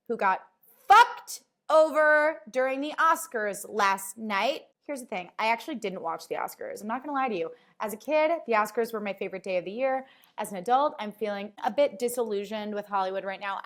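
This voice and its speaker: A woman hosting her own podcast, telling stories in a casual, animated way, full of fillers and swearing, and acting out the voices she quotes. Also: mid-range voice. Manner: chatty, filler-heavy, swears freely. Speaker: podcast host. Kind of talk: casual chat.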